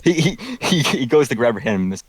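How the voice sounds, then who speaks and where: A man's voice: medium pitch, breathy edge, no echo. A man playing a tabletop game, laughing often and restarting his sentences. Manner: laughing, lively, halting restarts. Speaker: player. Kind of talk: casual tabletop game chat.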